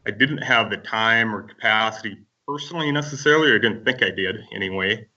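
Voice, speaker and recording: A man from Minnesota, a podcast guest, telling his story in a relaxed, rambling way with lots of fillers. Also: on the low side, quick pace, recorded from a distance, muffled recording.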